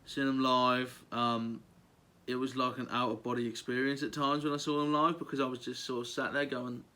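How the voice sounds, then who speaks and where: A man's voice: mid-range voice, flat delivery, moderate pace, bright, forceful tone. A young man, talking casually and enthusiastically as a vlogger, gushing through a countdown with lots of ums and likes.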